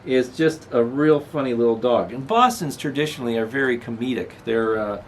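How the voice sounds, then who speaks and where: A man's voice: medium pitch, fairly quick, a little hiss or hum. A middle-aged man hosting a casual vlog, rambling and chuckling as he chats from his apartment. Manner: rambling, chuckling, talks baby-talk to his dog. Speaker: channel host. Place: apartment room.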